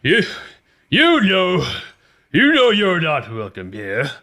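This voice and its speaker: A man's voice: medium pitch, sing-song, slow, pushed and bright, pitched above the performer's own voice, exaggerated voice. A man voicing a pompous, bigoted old man who blusters and raises his voice. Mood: indignant.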